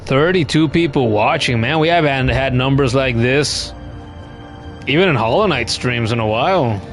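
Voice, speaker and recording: A man's voice: medium pitch, normal speed, soft background music. A man live-streaming a video game, chatting casually with viewers in a playful, wry way and repeating words as he starts his thoughts. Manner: playful, wry, talks to chat.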